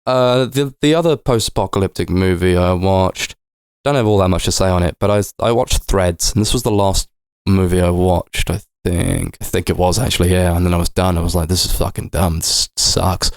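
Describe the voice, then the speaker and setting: A man's voice: sits low, brisk, a little mellow, clear, resonant tone, no echo, studio quality. A young man co-hosting a podcast, chatting loosely about films, rambling and swearing, and sometimes slipping into silly voices to act out what the characters say. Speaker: podcast co-host. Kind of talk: casual film chat.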